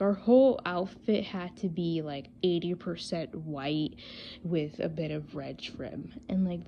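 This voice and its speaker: A woman's voice: fairly low pitch, muffled recording, slight background noise. A woman telling a casual storytime vlog, rambling and exasperated, full of fillers. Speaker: vlogger.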